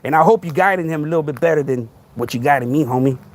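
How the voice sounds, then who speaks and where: A man's voice: on the high side, quick pace, a little hiss or hum. A man hosting a podcast, ranting in a casual monologue full of sarcastic, mock-frightened rhetorical questions and street slang. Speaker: podcast host.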